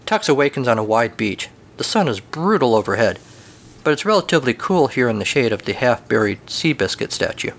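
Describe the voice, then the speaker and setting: Wry male storyteller. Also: mid-range voice. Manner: wry, deadpan. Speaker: narrator. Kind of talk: storytelling narration.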